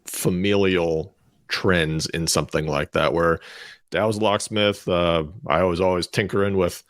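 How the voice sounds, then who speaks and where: A man's voice: deep voice, fairly even intonation, a little slow, dry recording. A man co-hosting a podcast in casual chat, with dry humor. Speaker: co-host.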